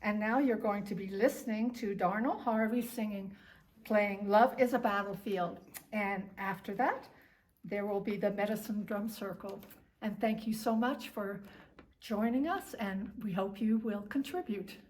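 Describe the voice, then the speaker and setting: A woman's voice: mid-range voice, measured pace, darkish tone, recorded from a distance. A woman volunteer introducing the next performers in a plain, friendly way. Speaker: volunteer presenter. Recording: off-mic with faint background noise.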